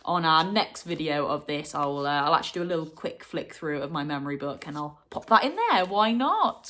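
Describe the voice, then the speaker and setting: A young adult woman hosting a retro gaming vlog, talking to viewers in a heartfelt, chatty way, full of fillers and quick laughs. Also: low-pitched, sing-song, pushed and bright. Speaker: retro gaming channel host. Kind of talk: casual vlog chat to viewers.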